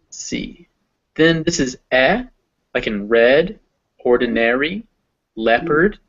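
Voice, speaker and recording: A man's voice: medium pitch, lively intonation, slow, a bit bright, lo-fi sound. A man with a Southern American accent teaching English pronunciation, patiently modeling vowel sounds for a learner. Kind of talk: explaining phonetics to a learner.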